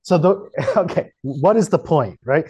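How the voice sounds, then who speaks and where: A man co-hosting a podcast, casually thinking aloud about a show's script with halting restarts. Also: fairly high pitch, animated, darkish tone, breathy edge. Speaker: podcast co-host. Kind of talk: casual chat.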